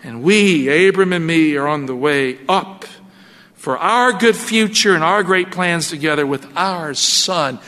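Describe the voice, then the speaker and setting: A boastful young pregnant slave woman sneers at her mistress in a sing-song, mocking lilt, as a male preacher puts her on. The voice is bright and pushed high. A long hall reverb trails each phrase. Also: measured pace. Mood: taunting.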